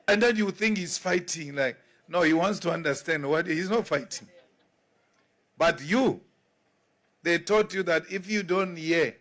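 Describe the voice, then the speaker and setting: South African political leader, male, high voice, emphatic and repetitive speech delivery. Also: measured pace, a bit bright. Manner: emphatic and repetitive, with rhetorical questions.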